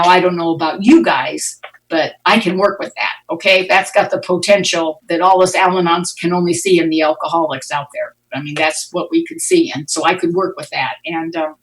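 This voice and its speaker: A middle-aged American woman shares her story at an Al-Anon recovery meeting, speaking at a moderate pace in a lowish voice. She's a frank, wry storyteller with good timing who acts out the voices she quotes. The online conference audio comes from a distant mic.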